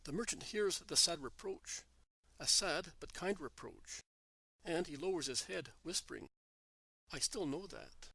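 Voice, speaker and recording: Man narrating a book, slightly high voice. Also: lively intonation, a little slow, creaky, sharp tone, slightly rough, no room sound, poor audio. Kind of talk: scripted narration.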